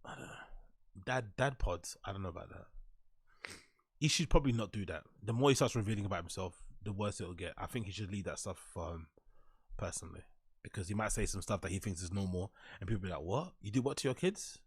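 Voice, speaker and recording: A man's voice: low-pitched, quick pace, husky, no room sound, studio quality. A man hosting his own show, giving casual, mocking commentary on online posts, swearing freely and often breaking into laughter. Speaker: show host.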